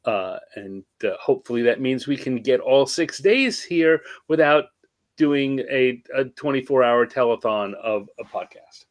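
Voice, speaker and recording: A man co-hosting a podcast, easygoing and jokey, trading goofy banter before settling into an organized rundown of the plan. His pitch sits in the middle range for a man. He is talking over a remote call. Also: expressive, measured pace, no room sound. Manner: organized, walks through the plan. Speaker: podcast co-host. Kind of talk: casual podcast chat.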